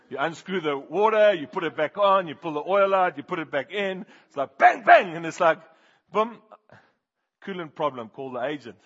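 A man preaching a sermon, telling animated stories and swinging from loud bursts to hushed, slow appeals. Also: mid-range voice, slightly rough. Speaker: pastor. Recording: dull, muffled sound.

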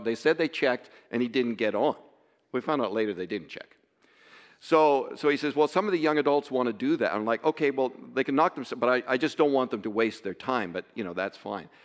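A man tells a family story in a casual way. He halts and restarts as the emotion comes through. His voice sits at an ordinary pitch, with a long reverb around it. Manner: emotional, halting, many restarts. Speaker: father telling a family story.

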